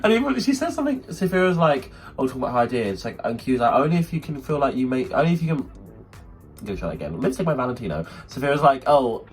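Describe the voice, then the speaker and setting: Casting: young man, quick and expressive storyteller, podcast co-host. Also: medium pitch, soft background music. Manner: animated storytelling, acts out quotes. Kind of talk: casual chat.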